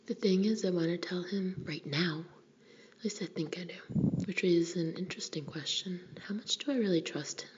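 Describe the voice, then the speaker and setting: A woman's voice: lowish voice, moderate pace. A woman narrating a first-person novel in a whispered audiobook reading, intimate and wry. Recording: dull lo-fi recording with faint hiss.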